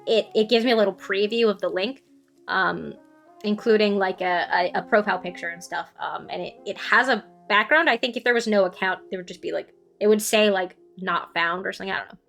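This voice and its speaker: A woman's voice: mid-range voice, a little fast, creaky, a bit bright, faint music behind. A woman game streamer chatting casually, giggly and trailing off as she plays.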